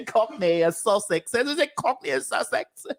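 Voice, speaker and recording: A woman's voice: on the high side, expressive, a little slow. A woman hosting a comedic talk show, playful and theatrical, laughing often as she hams up a mock British persona. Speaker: host.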